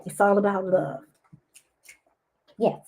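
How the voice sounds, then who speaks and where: A middle-aged woman, a podcast guest, telling lively personal stories in casual interview chat. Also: mid-range voice, takes it slowly, gravelly. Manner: lively storytelling, expressive. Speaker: guest, business owner.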